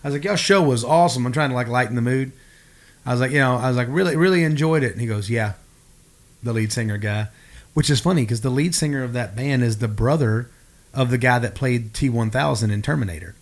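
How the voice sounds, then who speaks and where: A middle-aged man tells a story on a podcast, in a mid-pitched voice. He talks casually and acts out each person he quotes. His manner is animated throughout. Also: quick pace. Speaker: podcast co-host.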